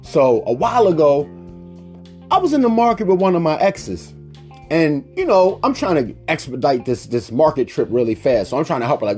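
A man hosting a solo podcast, his voice sitting a little high for a man and swinging widely in pitch. He tells animated stories and rants in mock indignation, with faint guitar music playing beneath him. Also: normal speed. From Baltimore, Maryland. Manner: animated storytelling, acting out quoted people. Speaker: podcast host.

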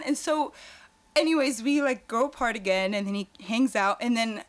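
Young woman guest, slightly high voice, energetic and chatty anecdote teller. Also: moderate pace. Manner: animated, laughing, acts out quoted voices. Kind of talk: casual storytelling.

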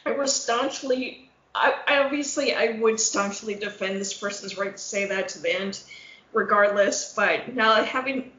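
A woman chatting casually, telling stories with lively acted-out voices and frequent swearing. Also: medium pitch, unhurried. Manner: animated storyteller, acts out voices, curses freely. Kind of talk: casual chat. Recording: roomy echo, dull lo-fi sound.

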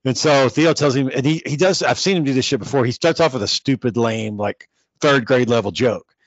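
A man's voice: medium pitch, a little fast, no echo. A man chatting casually and swearing a lot as he retells stories with quoted voices. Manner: profane, animated storytelling with quoted voices. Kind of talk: casual chat. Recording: muffled dry sound.

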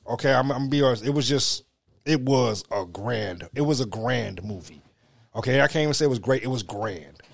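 A laid-back man chatting on a podcast, his pitch jumping all over as he rambles and stumbles over his words. He laughs often and swears freely, and the sound is dry and close. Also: gravelly, no echo. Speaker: podcast co-host. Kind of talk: casual banter.

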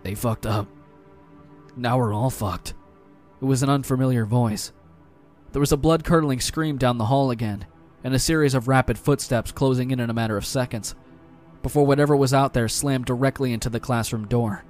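A man reads a scripted first-person horror story with tense, dramatic delivery. His voice is pitched in the middle range. Soft music plays quietly underneath the narration. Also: fairly even intonation, fairly quick.

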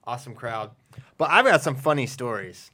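A man hosting a casual chat, telling stories in an animated way and laughing often. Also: medium pitch, normal speed. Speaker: host.

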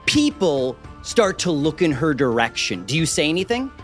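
Game master narrating, playful, slightly high voice, soft music under. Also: male voice, normal speed. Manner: playful, animated storytelling.

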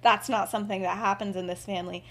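A woman's voice: mid-range voice, fairly even intonation, fast, fairly bright tone. A young woman podcast host casually retelling a story, chatty and giggly, with lots of fillers.

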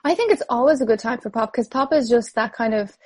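An Irish woman speaks in a chatty, enthusiastic interview manner, sprinkling her talk with fillers. Her voice sits a little high. The sound is dry and close. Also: fast talker, a little mellow, husky, no echo. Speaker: singer guest. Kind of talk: casual interview chat.

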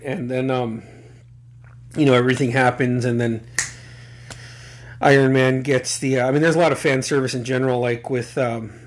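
A middle-aged man hosting a podcast in casual chat, rambling with lots of fillers and cheerful swearing. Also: medium pitch. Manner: excitable and profane, rambling with many fillers. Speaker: podcast host.

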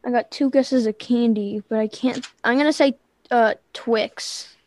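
A woman's voice: fairly high pitch, fairly even intonation, measured pace, a little mellow, no echo. A woman playing as a quiz contestant, guessing hesitantly with many ums.

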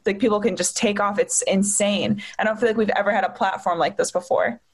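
Young woman rambling on a podcast, says like constantly, swears a lot, animated. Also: medium pitch, brisk, husky. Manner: animated storytelling, lots of "like" and profanity. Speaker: podcast co-host, comedian. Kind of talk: casual podcast chat.

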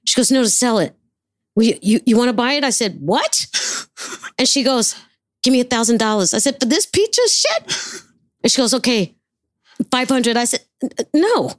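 A woman spins a casual anecdote, swearing freely and acting out every bit of dialogue. Her voice sits a little high, and the sound is dry and close. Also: normal speed, pauses often, no echo. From New York. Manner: animated, profane storyteller acting out dialogue. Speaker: guest.

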